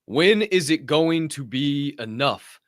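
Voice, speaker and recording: A man's voice: on the high side, animated, slow, fairly bright tone, no echo, clean studio sound. A man hosting a podcast, delivering a fiery, profane motivational monologue in reaction to a clip. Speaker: podcast host.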